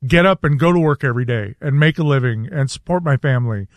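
A man co-hosting a radio talk show, delivering a reflective, earnest commentary in a measured way. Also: medium pitch, no room sound.

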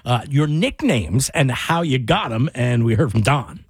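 A man's voice: medium pitch, lively intonation, unhurried, breathy edge, no echo, studio quality. A man co-hosting a radio show in easygoing, joking banter. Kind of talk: casual radio chat.

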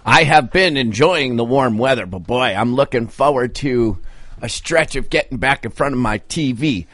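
A man co-hosting a radio show, chatting casually with enthusiastic, animated storytelling. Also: medium pitch, normal speed, dry recording. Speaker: radio co-host. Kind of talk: casual banter.

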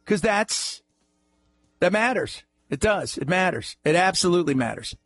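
A male talk radio host mocks and jokes in a sarcastic monologue. His voice sits high and swings widely in pitch, and he takes his time. The studio sound is dry, with faint music underneath. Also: normal speed, no echo. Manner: sarcastic, mocking, animated.

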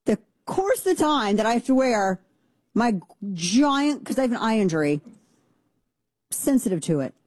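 Speaking at a normal pace with frequent pauses, this woman has a slightly high, sing-song, somewhat mellow voice and no room sound. She's a political commentary host working from her Texas home studio, using a studio mic and headphones, and her casual opinion talk rambles emphatically with sarcastic jabs.

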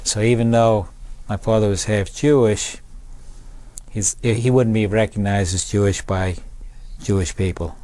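An older man, a veteran, telling a personal story in a measured, reflective way. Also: fairly low pitch, steady tone, a little mellow, no echo. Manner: measured, reflective, with small restarts.

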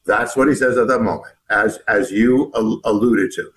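A man, an author appearing as a guest, recounting a personal story in an interview, halting with frequent restarts and repeated words. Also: fairly low pitch, fairly bright tone, poor audio.

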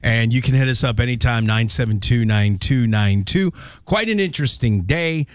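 A man's voice: mid-range voice, moderate pace, clear, resonant tone, no echo. A man co-hosting a radio morning show, joking and ranting in casual on-air banter from the studio. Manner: animated, jokey ranting. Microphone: studio microphone.

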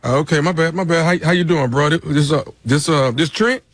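A man, making a calm, drawling, deadpan prank phone call. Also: a little high, brisk, no room sound. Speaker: prank caller.

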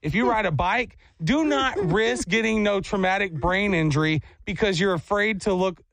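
High-voiced guy w a gravelly edge, animated storytelling, dry close mic. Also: moderate pace, no echo. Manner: animated, acts out quotes, jokey. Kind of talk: casual storytelling.

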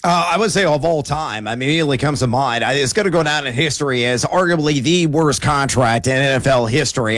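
A man's voice: mid-range voice, fast, hardly any pauses, fairly bright tone, no room sound, clean studio sound. A man co-hosting a sports radio show, giving emphatic opinions. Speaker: co-host.

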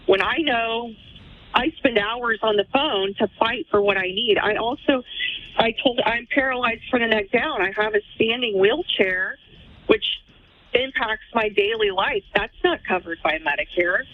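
A woman's voice: on the high side, unhurried. A woman on the phone to a radio show, heard through a dull, muffled line. She speaks earnestly and at length, with a few ums along the way. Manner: earnest, explains at length with fillers. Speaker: caller. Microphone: telephone.

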